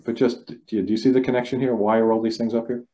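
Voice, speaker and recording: Over a video call to a club, a male lecturer gives a loose, repetitive talk on critical thinking, often putting questions to his listeners. His voice is mid-range and warm, quick-paced with a flat delivery.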